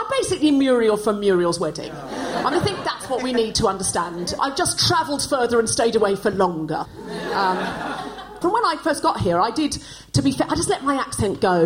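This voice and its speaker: A woman in her forties, from Australia, hosting with an animated, self-mocking stand-up monologue on a live stage. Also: fairly high pitch, poor audio. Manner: animated, self-mocking storytelling with quick asides. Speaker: host. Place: live stage before an audience.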